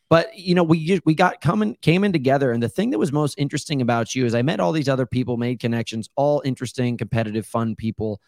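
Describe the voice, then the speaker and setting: A man's voice: mid-range voice, lively intonation, fast, creaky, few pauses, a little mellow, dry recording. Candid male podcast host, dry mic. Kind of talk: casual interview.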